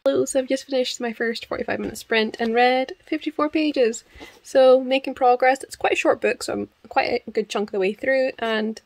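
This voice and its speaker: Scottish woman, young, casual to-camera book vlog, laughs easily, fairly high pitch. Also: steady tone, normal speed. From Scotland. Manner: chatty, laughing, wry. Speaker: book vlogger.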